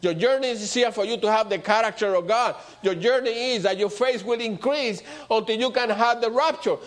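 High-voiced preacher in full sermon. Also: male voice, brisk. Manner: rhetorical questions with call-and-response; swings between loud emphatic and low quiet delivery. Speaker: pastor.

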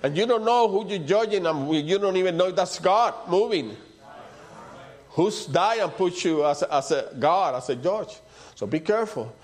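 A man preaching a sermon in a conversational way, dropping to soft low asides and rising for emphatic points. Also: animated, normal speed. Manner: conversational preaching with repeated "you know" and "see".

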